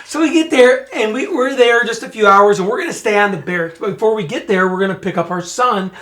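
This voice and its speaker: A middle-aged man from Michigan, co-hosting a podcast, telling a family story in a lively, casual way. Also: high voice, fast. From Michigan, USA. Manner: animated storyteller who speeds up and gets loud when retelling scenes. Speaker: podcast co-host.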